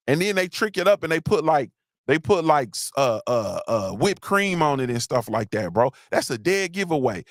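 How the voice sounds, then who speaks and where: A man's voice: fairly high pitch, sing-song, moderate pace, dry recording, studio quality. Slangy rambling male livestream host. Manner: slangy, rambling, shouts out chat names. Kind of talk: casual livestream chat.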